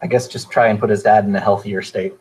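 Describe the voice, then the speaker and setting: A man with a lowish, husky voice plays a tabletop game, slipping between describing his character and speaking as him. He talks hesitantly, restarting sentences. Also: steady tone, fast talker, darkish tone, poor audio. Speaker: player.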